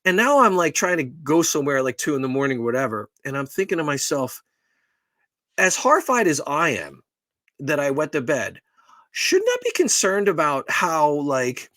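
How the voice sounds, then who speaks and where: A man's voice: a little high, very animated, normal speed, bright, forceful tone, no room sound. A middle-aged man co-hosting a podcast, telling a rambling, profane, self-deprecating story in casual chat. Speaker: podcast co-host.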